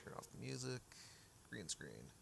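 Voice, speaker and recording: A man's voice: mid-range voice, very animated, normal speed, vocal fry, music in the background. A man streaming a game, talking casually and rambling with frequent restarts while answering chat, his voice a bit worn. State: losing his voice. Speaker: gaming streamer. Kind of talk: casual livestream commentary.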